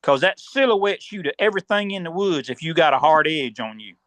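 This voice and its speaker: A man with a Southern US accent lays out his advice step by step, patient and instructive, pausing now and then to clear his throat. His voice sits a little high and bright. The sound is close and dry, with no room around it. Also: no room sound. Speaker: guest turkey hunting expert. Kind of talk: casual podcast explanation.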